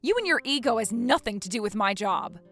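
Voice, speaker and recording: A woman's voice: on the high side, expressive, brisk, a bit bright, faint music behind. Woman as an exasperated, indignant wife. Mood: frustrated. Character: exasperated young wife, fed up. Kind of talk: dramatized story.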